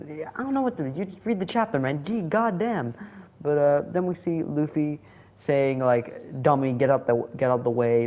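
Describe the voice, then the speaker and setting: A man talks through a manga chapter at a middle pitch, rambling and correcting himself, with a chuckle here and there. The recording is dull and lo-fi. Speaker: manga reviewer. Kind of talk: casual solo commentary.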